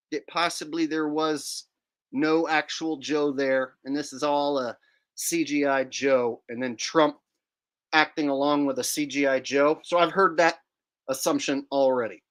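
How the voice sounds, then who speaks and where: A man's voice: on the high side, steady tone, measured pace, fairly bright tone. A man hosting a joking live stream commentary, chatting directly to his viewers. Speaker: streamer and host.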